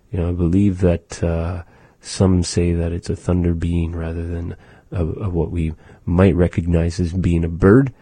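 A man teaching his people's language, going slowly and patiently, with many pauses, and repeating words for practice. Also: low voice, dark tone, breathy edge, no room sound. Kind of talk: pronunciation lesson.

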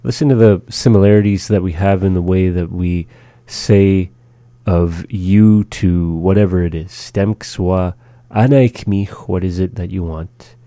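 A man teaching phrases of his community's language on a radio show, speaking slowly and patiently and repeating each phrase for learners. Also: sits low, steady tone, mellow, no room sound.

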